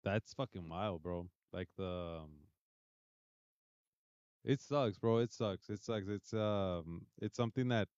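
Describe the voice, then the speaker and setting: A man's voice: on the low side, takes it slowly, a little mellow, smooth, dry recording, highs cut off. A young man from South Central Los Angeles, hosting a casual podcast chat, swearing often and switching between English and Spanish. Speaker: podcast host.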